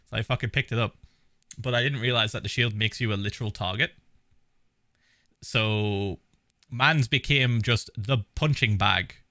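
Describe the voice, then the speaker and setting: A man's voice: fairly low pitch, sharp tone, dry recording, studio quality. A man casually reacting to a video, talking animatedly, swearing a lot and laughing often.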